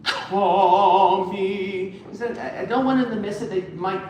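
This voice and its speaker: Choir director singing lines in an echoey room. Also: male voice, high-pitched, fast talker, a little hiss or hum. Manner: coaching, sings phrases to demonstrate. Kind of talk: choir rehearsal instruction. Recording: echoey, far from the mic, with music.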